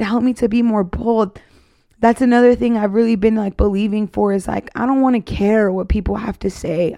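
A woman's voice: on the high side, vocal fry, warm tone, no echo, clean studio sound. Earnest young woman sharing her faith. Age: 20s. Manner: earnest, heartfelt, rambling with many fillers. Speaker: podcast host. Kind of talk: casual faith testimony.

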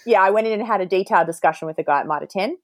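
A woman's voice: mid-range voice, very fast, no echo. A woman co-hosting a podcast, chatting casually and asking friendly questions, laughing often. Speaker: podcast co-host. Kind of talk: casual chat.

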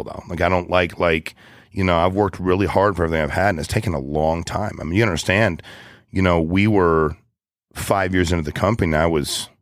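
A man's voice: deep voice, no echo, studio quality. A man in his forties talking casually in an interview, rambling and blunt, full of slang like "dude" and "ain't". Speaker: guest, business owner.

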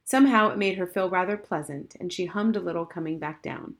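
A woman reading a children's novel aloud in an even, measured storybook narration. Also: fairly low pitch. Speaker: audiobook narrator.

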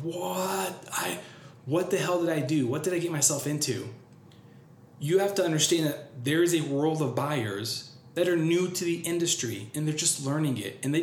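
A man giving casual marketing advice, blunt and profane, acting out the people he quotes. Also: on the high side. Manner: blunt, swears freely, acts out quoted people. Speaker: marketing coach. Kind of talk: casual podcast advice talk. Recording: roomy with faint background noise.

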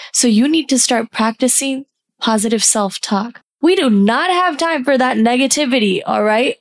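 A woman hosting a self-care podcast, guiding listeners through affirmations in a warm, encouraging, casual way. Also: on the high side. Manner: slow deliberate pacing on repeated affirmations. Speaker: podcast host.

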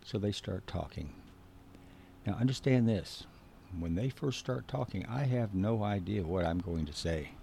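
A man's voice: low voice, vocal fry, warm tone, slight background noise. A man giving a spoken teaching talk on counseling, earnest and direct, repeating key points for emphasis. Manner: gives direct instructions to the listener. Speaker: biblical counseling instructor.

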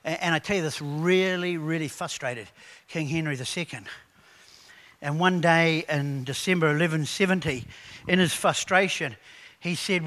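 A man preaching a sermon, animated and conversational, telling stories to his congregation. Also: on the high side, moderate pace. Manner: animated preaching with acted quotes; conversational storytelling. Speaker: pastor.

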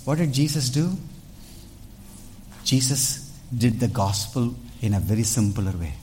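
A man preaches a sermon in a church, his voice sitting at a middle pitch. He is animated and punchy, checking in with the congregation and swinging between soft asides and loud calls. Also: a little slow, long pauses, a little hiss or hum. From India. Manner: animated, calls out "Hello?" to the congregation, dramatic shifts in loudness. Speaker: pastor.

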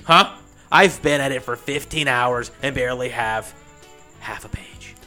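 A man's voice: mid-range voice, steady tone, normal speed, fairly bright tone, faint music behind, close to an everyday voice. A man playing a sleepless, frantic coach who lectures defensively about his writing.

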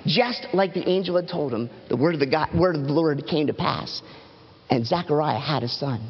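A man telling a Bible story to children from a church platform in a dramatic, animated storytelling voice. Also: moderate pace, husky, in a large hall, dull audio. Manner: dramatic, animated storytelling with big pitch swings. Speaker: children's pastor.

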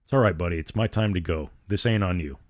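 A man voicing a condemned middle-aged gangster, speaking calmly and with resignation. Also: low-pitched, fast, dry recording, clean studio sound, lightly acted. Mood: resigned. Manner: calm and resigned.

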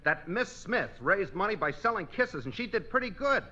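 A man playing a joking sidekick with rapid wisecracks in 1940s radio comedy. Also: high voice, big pitch swings, bright, forceful tone, full character voice. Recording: dull lo-fi old radio, faint hiss.

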